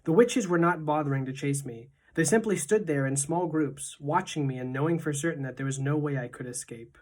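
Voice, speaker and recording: Low-voiced woman reading a storybook aloud. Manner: measured, expressive narration. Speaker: teacher reading to a class.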